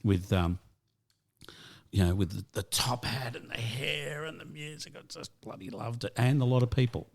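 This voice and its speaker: A man's voice: medium pitch, moderate pace, creaky. A man hosting a radio chat, casual and enthusiastic, chiming in with eager remarks. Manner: enthusiastic, chatty interjections.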